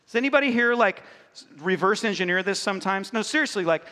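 A fast-talking man with a high-pitched voice preaches to his congregation in a church hall, joking and animated as he speaks right to them. The live recording carries the hall's reverberation.

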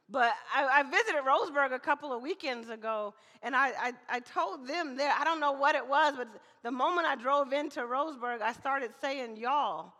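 A woman from Mississippi preaching as a guest speaker, chatty and lively, often calling for amens, her voice slightly hoarse. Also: high-pitched. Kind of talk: sermon. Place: church hall. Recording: church hall reverb.

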